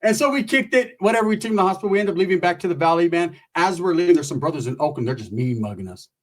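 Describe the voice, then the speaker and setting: A man from California telling a profane story and acting out the people in it with animated voices. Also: high-pitched, racing. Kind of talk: storytelling stand-up.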